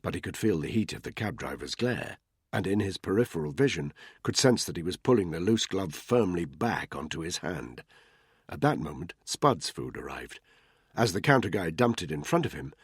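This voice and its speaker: A male audiobook narrator with a very deep, husky voice that moves lively up and down as he tells the story. His delivery is tense and measured, read as scripted narration. The recording is dry and close, with no room sound. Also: no echo.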